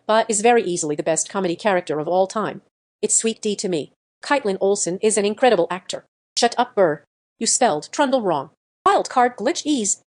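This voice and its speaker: A woman's voice: mid-range voice, darkish tone. Woman reading forum comments aloud. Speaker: narrator reading online comments.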